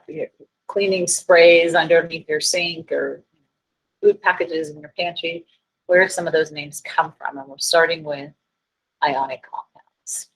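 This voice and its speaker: A woman's voice: deep voice, slightly rough, rough recording. A woman chemistry teacher giving a class lecture, chatty and self-deprecating, getting flustered by tech trouble.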